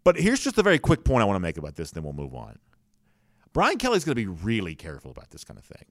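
A man's voice: fairly low pitch, huge pitch swings, fast, fairly bright tone, dry recording, clean studio sound. A man hosting a sports talk show, giving casual, opinionated commentary with frequent fillers and restarts.

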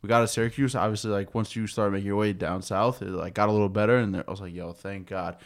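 A man telling travel stories in a casual chat, animated and trailing off quietly at the ends of sentences. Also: fairly low pitch, rapid-fire.

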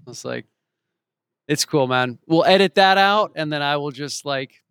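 Smooth-voiced man telling lively anecdotes. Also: fairly high pitch, moderate pace, no room sound. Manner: animated, acts out quoted voices in his stories. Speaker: interview guest, actor and author. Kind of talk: casual storytelling in an interview. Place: home in Los Angeles.

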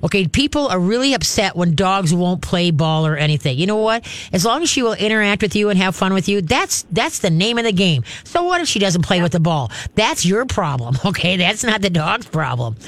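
Animated woman hosting call-in radio. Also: medium pitch, brisk, hardly any pauses, no room sound. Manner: direct, animated, acts out cheerful praise voices. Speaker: radio show host and pet trainer.

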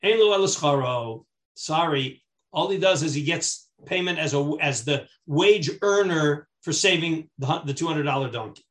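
A rabbi with a fairly high voice leads a Talmud class. He reads the text aloud, then walks through it point by point in English. He grows animated when stressing a point and keeps checking that the class is following. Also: moderate pace. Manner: explains step by step and checks in with the class; mixes Aramaic text reading with English explanation. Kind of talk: Talmud study lecture.

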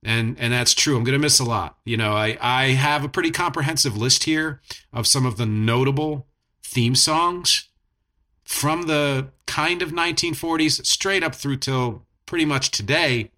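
Bright-voiced joking podcast host, a man. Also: mid-range voice, moderate pace. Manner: joking, self-deprecating. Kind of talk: casual chat.

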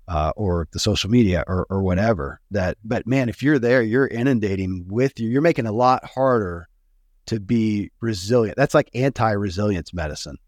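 A man's voice: on the low side, a little mellow, dry recording, studio quality. A man hosting a podcast, speaking earnestly and reflectively, thinking aloud with frequent restarts. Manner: earnest, searching, talks through thoughts with restarts. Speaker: podcast host.

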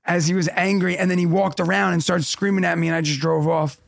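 A man in his thirties on a podcast, telling a relaxed, laid-back anecdote in casual chat. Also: high-pitched, fast, vocal fry, no room sound.

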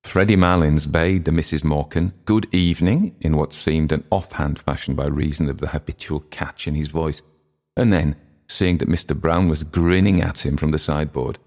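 A man reading literary fiction aloud as an audiobook narrator, in a measured, even manner. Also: a bass voice.

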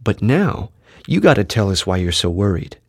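A man voicing a firm, practical mother who calmly refuses in a storybook reading. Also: on the low side, normal speed, breathy edge, exaggerated voice. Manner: calm, stubborn refusals.

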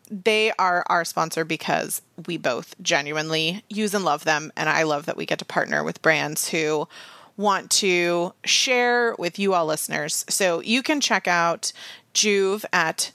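A woman with a low, gravelly voice co-hosts a podcast in a quick, rambling, chatty way. The sound is dry and close. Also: pushed and bright, no echo. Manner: quick, rambling, self-aware asides. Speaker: podcast co-host. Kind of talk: casual podcast chat, sponsor read.

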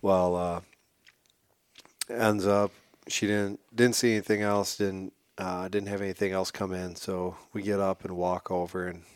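A man as a podcast guest, telling a hunting story in a casual, animated way and acting out what people said. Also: deep voice, smooth, dry recording. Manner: animated, acts out quotes.

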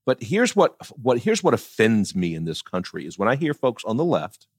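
A man's voice: medium pitch, big pitch swings, moderate pace, husky, no echo, studio quality. A middle-aged man talking politics casually, blunt and profane, often laughing as he tells stories. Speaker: political commentator.

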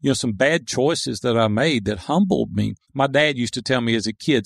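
Middle-aged entrepreneur guest, gravelly, earnest storyteller, dry studio mic. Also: male voice, mid-range voice, moderate pace, hardly any pauses, no room sound. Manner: earnest, animated storytelling with acted quotes. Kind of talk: conversational interview.

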